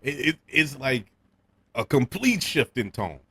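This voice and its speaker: Animated New Orleans man reviewing films. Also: mid-range voice, measured pace, slight background noise. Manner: animated, repeats words when restarting, chuckles often. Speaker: podcast movie reviewer. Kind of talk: casual film review.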